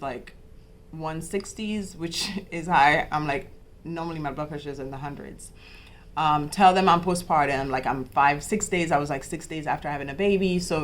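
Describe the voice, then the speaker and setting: A young adult woman, a podcast host, casually telling her own birth story with many fillers and restarts, acting out the conversations she had. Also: low-pitched.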